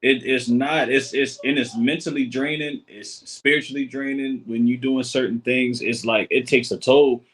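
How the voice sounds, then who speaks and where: A man speaking as a guest on a casual podcast, in a husky, mid-pitched voice. He talks earnestly and with emphasis, circling back to repeat his points. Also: steady tone, normal speed, few pauses, a bit bright.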